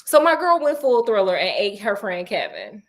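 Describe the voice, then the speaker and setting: A woman casually recapping a horror novel, animated and playful, acting out characters' lines in quick asides. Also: medium pitch. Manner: playful and sassy. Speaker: book recap host. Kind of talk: casual book recap storytelling.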